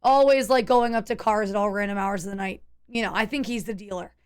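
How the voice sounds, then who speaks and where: A woman streamer telling her chat a tense story in a casual, animated way, full of restarts and fillers. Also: medium pitch, a little fast, smooth.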